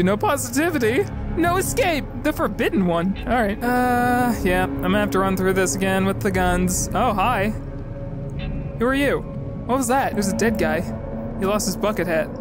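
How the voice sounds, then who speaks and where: A young man narrates a horror game with sarcastic commentary into a headset mic. He swears freely and mocks everything he sees. Loud game music plays underneath. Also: sits high. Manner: sarcastic, swearing, talks back to game characters. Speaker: gaming YouTuber. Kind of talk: gameplay commentary.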